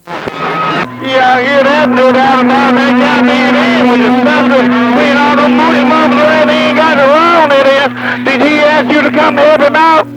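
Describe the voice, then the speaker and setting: An older retired man on CB radio, rambling in a slow, drawn-out, talkative way. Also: very high-pitched, level tone, rough recording. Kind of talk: CB radio banter.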